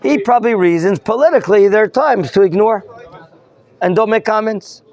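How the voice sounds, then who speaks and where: A man's voice: sits high, a little fast, a little mellow. A rabbi teaching a Bible class, questioning his students and explaining the terms as he goes. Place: study hall classroom.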